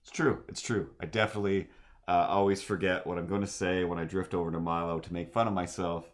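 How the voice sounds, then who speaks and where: A man's voice: sits low, little pitch movement, fast. A man chatting casually on a drawing livestream, rambling and poking fun at himself with lots of fillers. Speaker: streamer and artist.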